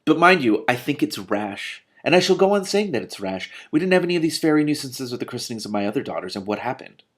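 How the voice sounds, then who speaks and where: A man's voice: medium pitch, big pitch swings, quick pace, pitched above the performer's own voice. A man doing a grumpy, stubborn old king. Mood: peevish. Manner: peevish, testy complaining.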